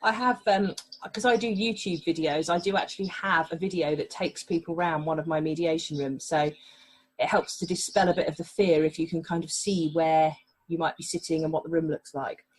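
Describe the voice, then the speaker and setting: A woman's voice: sits low, fairly even intonation, a little fast, slight background noise, rough recording. A woman from England, a family mediator, explaining her work in a podcast interview in a reassuring way.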